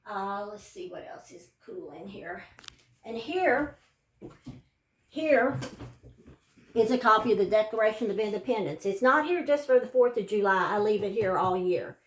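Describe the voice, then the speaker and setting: A woman's voice: mid-range voice, animated, moderate pace, a little hiss or hum. An older woman from Texas giving a chatty, homey tour of her house and showing a recipe in her kitchen. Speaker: home cook and host. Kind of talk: casual home tour and cooking demo. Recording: roomy sound from off-mic.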